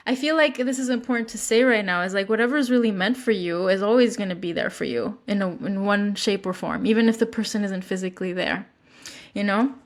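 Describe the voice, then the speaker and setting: A woman hosting a podcast, talking casually with many restarts and acting out example lines. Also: brisk. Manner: rambling, many restarts and fillers; acts out quoted lines with lifted pitch. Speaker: podcast host. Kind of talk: casual chat.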